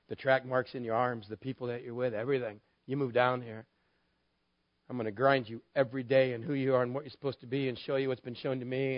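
A male pastor preaches in a candid, conversational storytelling manner, slipping in wry humor. His voice sits in a middle register. The sound is dry, with no room echo, and slightly dull and lo-fi. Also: medium pitch. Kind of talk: sermon storytelling.

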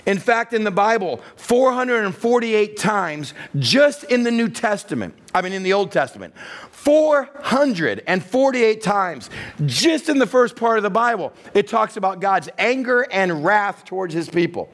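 A man with a Texan accent preaching a sermon as pastor, swinging between quiet, low passages and raised, emphatic ones. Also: moderate pace. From Texas. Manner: animated preaching, rising and falling in pitch and force.

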